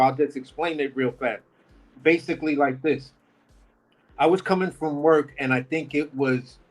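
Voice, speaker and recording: A man's voice: on the high side, poor audio. A man, a podcast guest telling a rambling, slangy story in casual talk. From New York. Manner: slangy, rambling, talks with energy.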